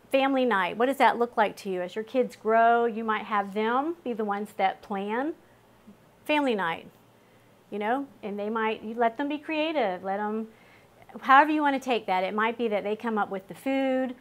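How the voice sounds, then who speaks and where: A woman's voice: fairly high pitch, normal speed, fairly bright tone. A woman leading a parenting group, talking casually, asking questions and laughing often. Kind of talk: casual teaching talk to a small group.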